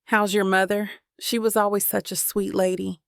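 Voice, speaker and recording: Brief: a woman reading as a gentle, wistful young man in a storybook, low-key with a gravelly edge. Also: flat delivery, moderate pace, no room sound, studio quality, close to an everyday voice. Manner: soft-spoken, solemn.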